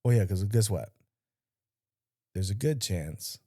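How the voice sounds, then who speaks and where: A man co-hosting a casual sports podcast, jokey and animated, slipping into quick mock voices. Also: on the low side, no echo, studio quality. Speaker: podcast co-host.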